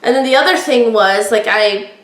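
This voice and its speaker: Podcast host, middle-aged woman, loud projecting voice, candid chatty storytelling, room echo. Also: a little high, moderate pace. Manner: candid, chatty, quotes others in lively voices. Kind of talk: personal storytelling.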